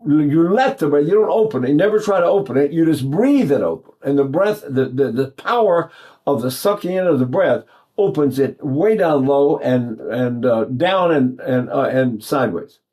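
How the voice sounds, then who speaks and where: A man's voice: fairly high pitch, lively intonation, normal speed, warm tone. An older man from East Texas, teaching singing in a rambling, folksy way with many restarts. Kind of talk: singing lesson with sung demonstrations.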